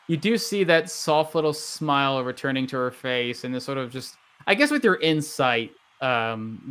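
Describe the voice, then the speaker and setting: A man's voice: mid-range voice, a bit bright. A man narrating as game master of a tabletop game in a rambling, descriptive way with many fillers.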